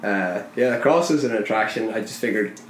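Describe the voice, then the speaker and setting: A man's voice: lowish voice, brisk. A young man from Ireland, a runner answering interview questions in a casual, hesitant way with many restarts. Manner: hesitant, full of restarts and fillers. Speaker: guest, runner. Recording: roomy echo, faint noise.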